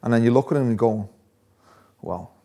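A man's voice: medium pitch, fairly even intonation, very fast, dark tone. A man, a former footballer, telling stories in a casual interview, laughing often. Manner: chatty, laughs often, restarts phrases.

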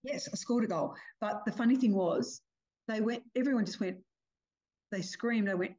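An older woman hosting a podcast, telling a family story in a lively, chatty way over a video call. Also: a little high, moderate pace, highs cut off. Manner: animated storyteller, acts out family quotes. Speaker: podcast host. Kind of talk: casual chat.

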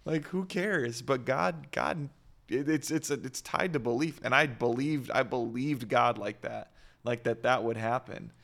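A man's voice: medium pitch, a little slow, vocal fry, fairly bright tone. A man hosting a casual faith talk, rambling and earnest with lots of fillers.

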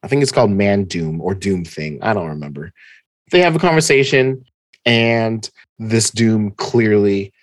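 A man's voice: on the low side, animated, measured pace, no room sound, clean studio sound. A man co-hosting a podcast who recaps a comic in casual chat. He is chatty, laughs often and sometimes loses track of names.

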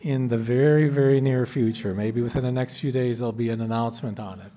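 A man's voice: mid-range voice, fairly even intonation, a little fast, dark tone. A man on a live convention panel, addressing the audience directly with hesitant fillers.

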